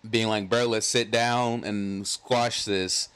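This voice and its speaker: Animated young man telling a story. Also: lowish voice, slow, clean tone. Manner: animated, profane, heavy use of "like". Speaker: podcast co-host. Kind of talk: casual chat, storytelling.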